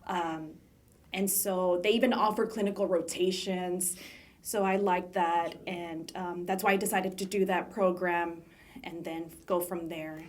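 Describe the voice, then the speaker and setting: A woman's voice: lowish voice, fairly even intonation, a little slow. A young woman from south Texas, a graduate student guest on a podcast, answering questions hesitantly with many fillers and restarts. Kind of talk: casual interview answers.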